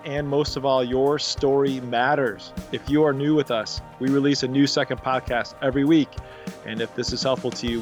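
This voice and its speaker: A man co-hosting a church podcast in casual, upbeat chat, recorded on a home studio microphone over a video call. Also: mid-range voice. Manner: upbeat, plugs church events. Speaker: podcast co-host.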